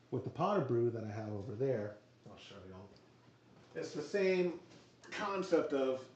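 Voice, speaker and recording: A man's voice: mid-range voice, warm tone. A man hosting a homebrew show in casual chat, talking in a folksy, easygoing way. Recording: dull audio with faint noise.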